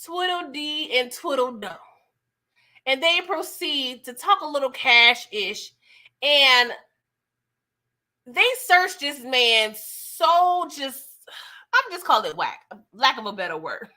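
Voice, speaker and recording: Woman doing a tv recap stream, high bright voice, slangy aave, animated and teasing. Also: takes it slowly, pauses often. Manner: animated, slangy, laughs and mocks. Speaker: TV recap host. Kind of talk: casual live-stream recap chat.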